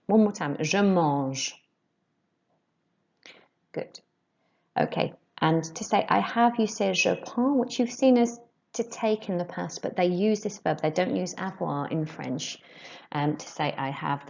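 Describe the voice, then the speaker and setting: A woman teaching a language lesson, saying words slowly and clearly for students to repeat. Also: fairly low pitch, muffled recording. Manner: slow, clear modelling of words for repetition. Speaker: French teacher.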